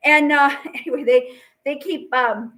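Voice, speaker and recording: A woman's voice: sits high, steady tone, unhurried, a bit bright. A woman teacher giving a casual, chatty history lecture, full of fillers and playful asides. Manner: chatty, acts out quotes with fillers.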